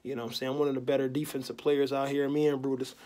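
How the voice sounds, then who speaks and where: A man's voice: mid-range voice, level tone, fast, warm tone. A young man vlogging a mock post-game press conference, boasting and trash-talking in laid-back slang.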